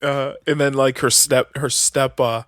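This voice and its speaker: A man's voice: mid-range voice, level tone, measured pace, a bit bright, no room sound, clean studio sound. A man co-hosting a podcast, laughing often and trading crude jokes in casual banter. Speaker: podcast co-host.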